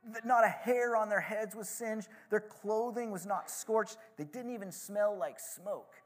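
Man preaching in a slightly high voice. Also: measured pace. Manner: casual storytelling with asides like "right?". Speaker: pastor. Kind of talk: sermon.

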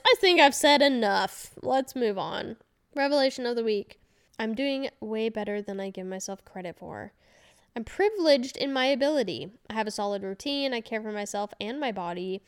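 A woman's voice: on the high side, smooth. A woman hosting her own podcast, talking casually and rambling, laughing often and swearing freely. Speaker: podcast host. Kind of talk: casual solo podcast monologue.

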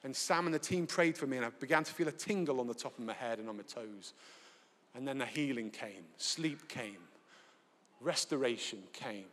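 A man with a Northern English accent preaching a sermon live in a large church, telling stories and acting out the dialogue. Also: mid-range voice. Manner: lively storytelling, acts out dialogue. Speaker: pastor. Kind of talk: sermon with anecdotes. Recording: long hall reverb.

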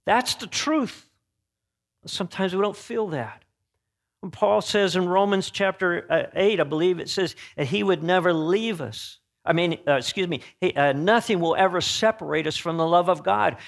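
A man preaching an earnest sermon. He swings between emphatic peaks and hushed, solemn passages, and often corrects himself mid-phrase. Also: high-pitched, moderate pace, creaky. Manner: frequent self-corrections and restarts.

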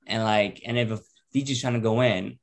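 A man co-hosting a casual podcast, joking and animated, swearing a lot. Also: lowish voice, fairly quick. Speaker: podcast co-host. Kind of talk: casual chat.

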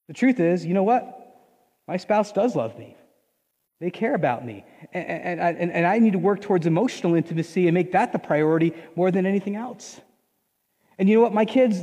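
A male pastor delivers a sermon in a high, light voice. He talks conversationally, restarting phrases and acting out the thoughts of his listeners. A long reverb from a large hall trails behind his words. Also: darkish tone. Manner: conversational preaching with frequent restarts and acted inner voices.

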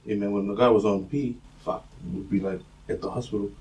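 Animated New man telling stories. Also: fairly low pitch, a little fast, slight background noise. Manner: animated storyteller, swears freely, acts out quotes. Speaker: podcast co-host. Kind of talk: casual chat, storytelling. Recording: distant mic, faint room ambience.

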